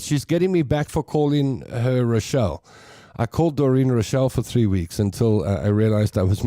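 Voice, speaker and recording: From his home studio, a South African host with a warm voice on the low side chats casually on a livestream, reading comments from viewers and wandering through stories. He's quick to laugh at his own jokes, and the recording is dry and clean.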